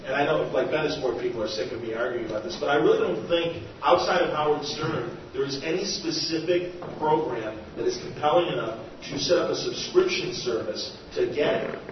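A man's voice: fairly high pitch, brisk, hardly any pauses, dull audio, slight background noise. A man on a podcast panel, giving a thoughtful, rambling answer. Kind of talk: panel discussion. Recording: distant roomy hall mic.

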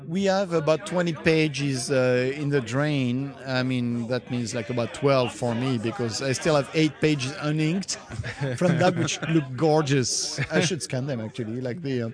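A man whose first language is French, a comic book artist chatting casually on a podcast, emphatic and animated, trailing off into fillers. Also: mid-range voice, a little slow, a crowd in the background.

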